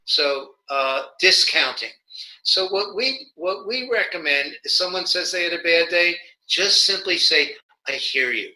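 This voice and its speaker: Bright-voiced man explaining with many restarts. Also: high voice, slight background noise, rough recording. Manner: halting, many restarts, acts out quoted examples. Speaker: guest, nonviolent communication educator. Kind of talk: conversational interview.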